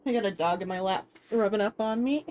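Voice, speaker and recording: A woman's voice: medium pitch, fast talker, darkish tone. A woman live-streaming a game, chatting casually with her viewers and rambling with lots of filler words.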